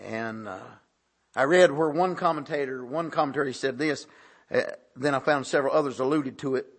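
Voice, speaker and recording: A man preaching a sermon, punctuating points with "amen" and swinging between soft asides and loud emphatic calls. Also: medium pitch, fairly quick, slightly rough.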